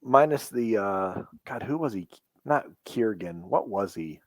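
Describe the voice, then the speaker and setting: A man's voice: lowish voice, animated, unhurried, no room sound. A man co-hosting a wrestling podcast, asking questions and making dry jokes. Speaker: podcast co-host. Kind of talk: casual chat watching wrestling.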